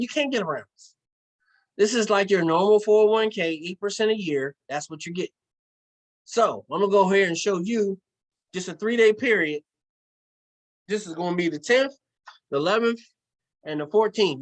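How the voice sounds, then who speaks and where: A middle-aged man giving a casual, animated sales pitch for an investment program, repeating phrases and using slang. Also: rough recording. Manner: animated, repetitive, slangy storytelling.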